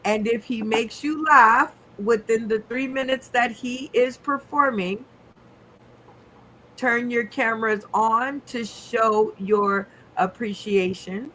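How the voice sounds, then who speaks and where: A woman's voice: on the high side, slow pace, sharp tone. A woman hosting an online comedy game show, upbeat, giving the players instructions with plenty of fillers.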